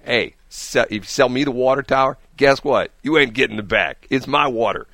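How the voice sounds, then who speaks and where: A man's voice: medium pitch, normal speed, pushed and bright, dry recording. A man hosting a radio morning show, telling rambling, jokey stories in casual on-air banter and often repeating his words. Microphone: studio microphone.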